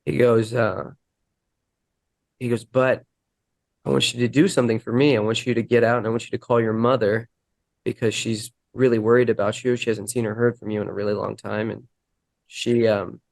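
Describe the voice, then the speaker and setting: A man candidly recounting his recovery story in an interview, earnest and halting, acting out the dialogue he quotes. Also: mid-range voice, flat delivery, vocal fry, darkish tone, no echo.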